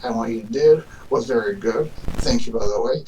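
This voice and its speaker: A man's voice: medium pitch, normal speed, mellow, distant mic, slight background noise, rough recording. A man delivering a rambling, argumentative casual monologue to the camera, full of fillers and restarts. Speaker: vlogger.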